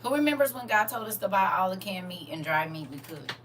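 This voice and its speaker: A woman's voice: mid-range voice, fast, slight background noise. A woman, chatting casually to viewers on a livestream and talking straight to them. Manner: animated, talks straight to viewers. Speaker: livestream host.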